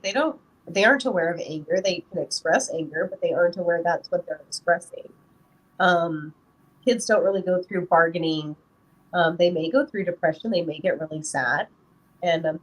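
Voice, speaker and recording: A woman guest on a podcast, talking casually as a parent and filling her speech with lots of "you know". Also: lowish voice. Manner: rambling, full of "you know" fillers. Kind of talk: casual interview talk.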